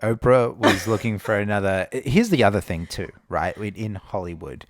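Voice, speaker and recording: A man's voice: on the low side, lively intonation, normal speed, no echo, clean studio sound. A man co-hosting a podcast, talking in a casual, opinionated and scornful way. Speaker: podcast co-host.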